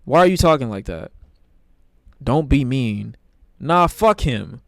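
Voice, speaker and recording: A man's voice: medium pitch, sing-song, slow pace, gravelly, a bit bright, dry recording. A male streamer talks at his desk mic with a blunt, profane, rambling edge, roasting whatever is on screen. His voice sits in a middle register, and the sound is dry and close, with no room around it. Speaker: streamer reacting to videos. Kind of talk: casual stream commentary.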